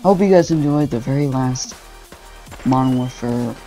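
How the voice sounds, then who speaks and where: Frustrated and cursing, a young man rants at his teammates while playing a shooter game for his gaming channel, keeping the commentary casual. His voice is medium-pitched and mellow at a moderate pace, with game music and gunfire behind it.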